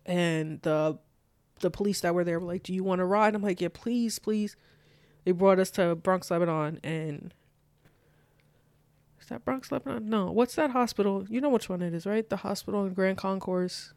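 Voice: mid-range voice, moderate pace, darkish tone, no echo. A young adult telling a personal story in loose, casual speech, full of "like" fillers.

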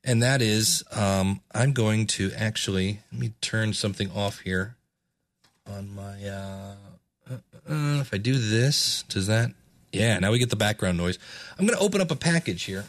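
A man's voice: lowish voice, lively intonation, normal speed, no echo. A man hosting his own podcast, talking casually and candidly, self-deprecating and rambling with restarts. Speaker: podcast host. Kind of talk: casual solo podcast talk.

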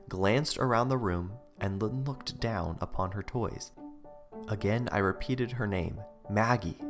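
A man reading a sermon aloud in an earnest, measured way. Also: fairly low pitch. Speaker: preacher. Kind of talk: read sermon.

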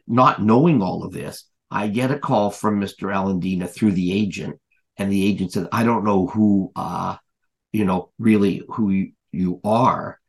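Man, podcast guest, husky voice, lowish pitch, rambling anecdote, lots of ums and restarts. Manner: rambling, many fillers and restarts, retells dialogue. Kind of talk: casual anecdotal storytelling.

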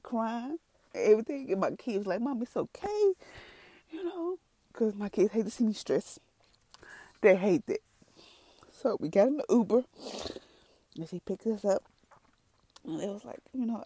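A woman's voice: medium pitch, dark tone, dry recording. A woman telling an emotional personal testimony on her podcast, rambling and tearful, crying at times. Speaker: podcast host giving a testimony.

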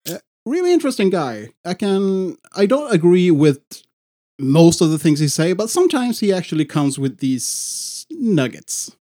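Slightly high-voiced male podcast co-host. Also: very animated, normal speed, dark tone. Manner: rambling, swears casually, frequent restarts. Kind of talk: casual podcast chat.

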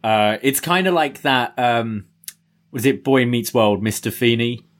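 A man's voice: mid-range voice, unhurried. A man co-hosting a podcast, chatting casually with frequent laughs and hesitant restarts. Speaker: podcast co-host. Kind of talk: casual chat.

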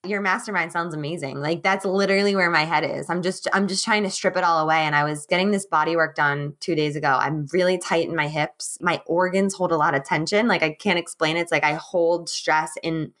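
A woman's voice: lowish voice, steady tone, fairly quick, hardly any pauses, fairly bright tone. A woman guest on a podcast call, chatting candidly and emphatically about her business, with lots of "like". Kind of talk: casual podcast chat. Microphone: remote call.

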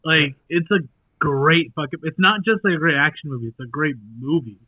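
A man's voice: a little high, animated, a little fast, no room sound. A man joining a casual podcast chat as a panelist, talking in an earnest, rambling way. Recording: dry, phone-like audio.

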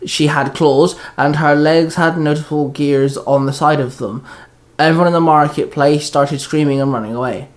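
Male amateur narrator, plain steady reading, slightly high. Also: normal speed. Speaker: reader. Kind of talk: reading fan fiction aloud.

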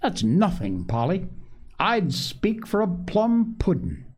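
A man's voice: sits high, wildly swooping pitch, takes it slowly, a little mellow, breathy edge, pitched above the performer's own voice, full character voice. A man doing a boisterous boastful little boy. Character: boisterous greedy young boy.

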